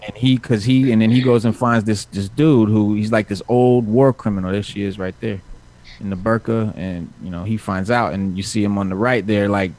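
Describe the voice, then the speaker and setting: A man's voice: fairly low pitch, fairly even intonation, moderate pace, darkish tone. A man hosting a casual chat, recapping a comic with lots of fillers and restarts. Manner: rambling, many fillers and restarts. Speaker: podcast host recapping comics.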